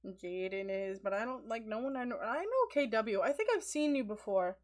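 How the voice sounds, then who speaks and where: A woman's voice: animated, normal speed. A woman hosting a casual livestream, chatting and giggling often and cooing at her pets. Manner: giggly, coos at her pets in a high baby voice. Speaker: livestream host.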